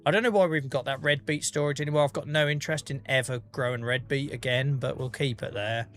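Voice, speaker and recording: Chatty Norfolk man streaming, bright voice. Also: mid-range voice, steady tone, quick pace, soft background music. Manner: chatty, self-mocking, laughs often. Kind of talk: casual live-stream chat while gaming.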